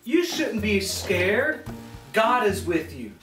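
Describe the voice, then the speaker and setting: Woman doing a brave little shepherd boy, calm and sure of himself, echoey room. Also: medium pitch, slow pace. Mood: reassuring. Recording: echoey hall, distant mic, loud music.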